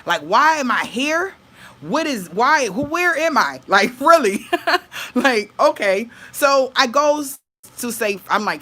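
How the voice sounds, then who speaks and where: A woman's voice: a little high, animated, unhurried, sharp tone. A woman, telling a dream story to her viewers in casual vlog talk, laughing, swearing and acting out what people said. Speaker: vlogger.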